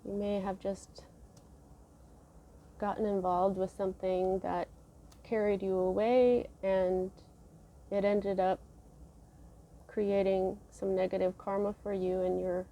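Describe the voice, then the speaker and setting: A woman giving a casual tarot reading, musing slowly with many fillers and restarts. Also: medium pitch, level tone, highs cut off, a little hiss or hum. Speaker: tarot reader.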